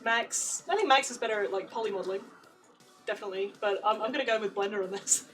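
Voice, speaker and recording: A woman's voice: mid-range voice, fast, fairly bright tone, far from the mic, soft background music. A woman co-hosting a stream, chatting casually and reading out viewer comments. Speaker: co-host reading chat.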